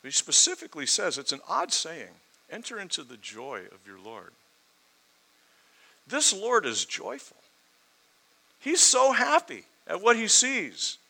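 A man's voice: high voice, wildly swooping pitch, measured pace, gravelly, pauses often, bright, forceful tone, poor audio. A man preaching a sermon verse by verse, asking the listeners rhetorical questions and growing more fervent as he goes. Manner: expository preaching, rhetorical questions, rising in fervor.

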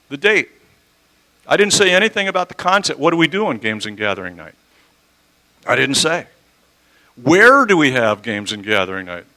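This pastor's voice runs on the high side and sounds sharp, captured in a rough recording. He preaches an expository sermon in a church sanctuary, speaking conversationally and quizzing his audience.

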